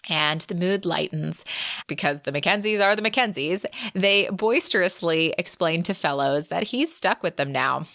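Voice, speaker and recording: A woman co-hosting a casual book recap podcast, briskly summarizing the plot and reading quotes aloud. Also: lowish voice, animated, creaky, a bit bright, no room sound, clean studio sound. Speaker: podcast co-host.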